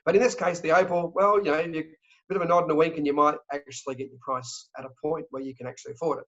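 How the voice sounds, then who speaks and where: An Australian man talking fast and joking as a travel company sales director in an interview. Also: on the high side, steady tone, a bit bright. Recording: dull lo-fi audio.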